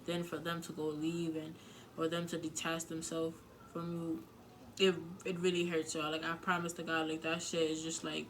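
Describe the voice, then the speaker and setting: In a casual vlog, a woman gives frank relationship advice, speaking candidly with plenty of filler words and some swearing, and she gets emotional, close to tears at times. Her low voice is monotone at a normal speed, with a little hiss or hum in the recording.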